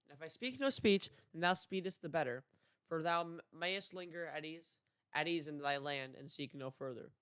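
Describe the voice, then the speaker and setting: A man's voice: a little high, normal speed, fairly bright tone, clear, resonant tone, dry recording, close to an everyday voice. The Green Knight, read by a young man. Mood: solemn. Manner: archaic formal speech, read with frequent stumbles. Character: the Green Knight, a stern giant male knight.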